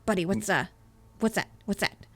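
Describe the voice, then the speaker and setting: A woman voicing a rough-spoken man who calls out loudly and coaxes his dog, in a tabletop game. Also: medium pitch, normal speed, dry recording, faint music behind, natural voice. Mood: curious. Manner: loud, blunt calls of "oi".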